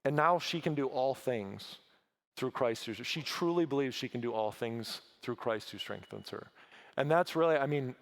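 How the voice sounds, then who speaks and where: A man's voice: medium pitch, animated, normal speed. A man speaking at a church as a guest from a mission, earnest, with many fillers and restarts. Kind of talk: sermon talk.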